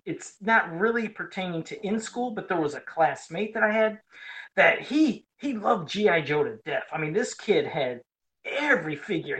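A man in casual podcast chat, telling a nostalgic story with lively swings in pitch. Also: rough recording.

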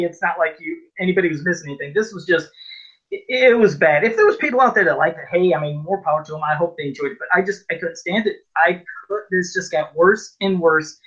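Male podcast co-host, fed-up rambling recap, bright slightly high voice, dull lo-fi audio. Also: husky. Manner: exasperated, rambling recap with fillers. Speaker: podcast co-host reviewing comics. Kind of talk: casual podcast chat. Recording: dull lo-fi sound.

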